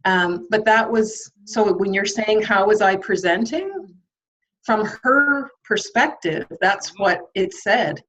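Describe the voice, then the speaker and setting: A woman's voice: medium pitch, slow pace, fairly bright tone, low-quality recording. A woman guest on a podcast interview, speaking candidly and reflectively, with frequent ums and light laughter.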